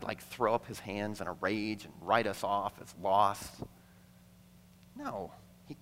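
A man preaching a sermon to a congregation, conversational and playful, acting out quick asides between the teaching. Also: lowish voice, a bit bright, slight background noise. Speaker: pastor. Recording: long hall reverb.

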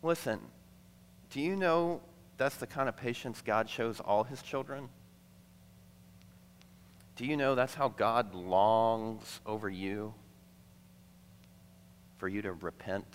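A man's voice: lowish voice, slow, long pauses, a little hiss or hum. Preaching man in a reverberant hall. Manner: conversational, with playful acted-out asides. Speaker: pastor. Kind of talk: sermon.

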